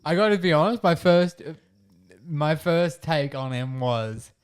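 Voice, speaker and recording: Man, young adult, podcast co-host, rambling story, laughs while talking, slightly high voice. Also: animated, a little slow, smooth. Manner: rambling, laughs through his own story. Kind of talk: casual storytelling chat.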